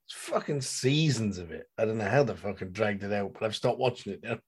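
Husky, animated man in a podcast chat. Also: fairly low pitch, brisk. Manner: animated, swears, slips into mocking voices. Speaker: podcast guest, host's friend. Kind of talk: casual chat.

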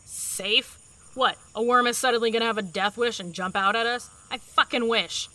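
A woman's voice: on the high side, moderate pace, bright, forceful tone, rough recording. A woman playing a brash, impatient young explorer who talks bluntly, swears and uses dry sarcasm in an audio drama. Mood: bored.

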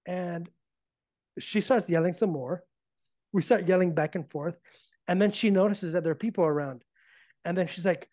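Animated man telling his story. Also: sits high, moderate pace, long pauses, no room sound, clean studio sound. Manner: animated, acts out quoted arguments. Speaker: podcast guest. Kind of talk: casual interview storytelling.

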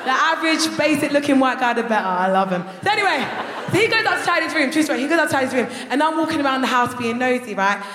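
A young woman performing a loud, brash stand-up comedy routine on a theatre stage, breaking into shouts as she tells her story. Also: sits high, big pitch swings, quick pace. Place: theatre stage before a live audience. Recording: echoey hall with loud audience laughter.

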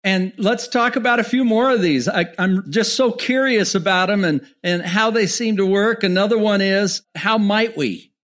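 A man's voice: high voice, moderate pace, few pauses, a bit bright. A man hosting an interview, asking friendly, curious questions. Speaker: interview host. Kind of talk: interview host.

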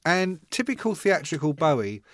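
A man in his sixties, a guest telling stories in casual chat, animated and swearing, acting out voices. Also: fairly high pitch, normal speed, no room sound, studio quality.

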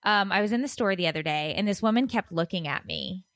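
Animated woman telling stories. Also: mid-range voice, fast, no echo, clean studio sound. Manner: animated storyteller, acts out quoted voices. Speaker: podcast co-host. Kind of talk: casual chat.

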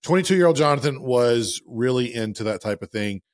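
A man in his thirties co-hosting a podcast, chatting in a relaxed, self-deprecating way. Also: mid-range voice, a little fast, no echo, studio quality. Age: 30s. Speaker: podcast co-host. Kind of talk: casual podcast chat.

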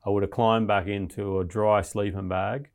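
Deep gravelly man telling a story. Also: flat delivery, moderate pace. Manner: blunt, heavy swearing, rambling. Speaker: guest. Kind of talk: casual storytelling interview.

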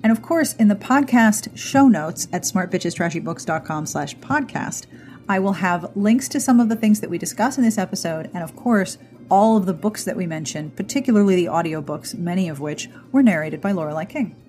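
A woman's voice: fairly low pitch, animated, a little fast, darkish tone, soft background music. An enthusiastic woman hosting a podcast chats eagerly with her guest, tossing in playful asides. She grew up in Pittsburgh and keeps her talk loose and friendly. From Pittsburgh, USA. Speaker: podcast host.

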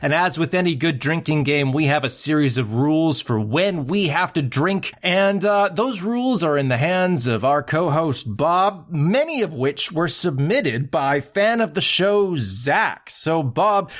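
A man's voice: a little high, expressive, measured pace, few pauses. A man hosting a casual podcast, chatting and laughing easily. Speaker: podcast host. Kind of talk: casual chat.

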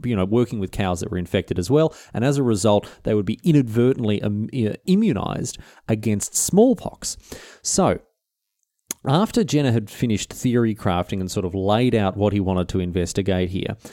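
Male podcast host, jokey and slangy, with a mellow tone and a dry sound. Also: lowish voice, no room sound. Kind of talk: casual history storytelling.

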